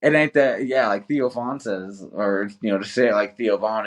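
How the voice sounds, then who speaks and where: Brief: young American man, lowish voice, loose swearing storyteller, casual podcast guest. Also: fairly even intonation, normal speed. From United States. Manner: profane, rambling storyteller, swears a lot. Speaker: guest, volunteer soldier.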